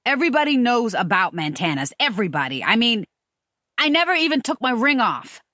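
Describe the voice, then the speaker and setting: A woman voicing a smooth, patronizing American man who keeps soothing his lover with pet names. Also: fairly high pitch, very animated, a little fast, pushed and bright, no room sound, studio quality. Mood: defensive. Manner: soothing, condescending endearments.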